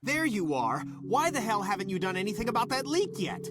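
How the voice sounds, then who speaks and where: A man's voice: sits high, big pitch swings, a little fast, background noise. An actor playing a stressed, short-tempered middle-aged male scientist in a video game, snapping sarcastically and then apologizing. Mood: irritated. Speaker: game character.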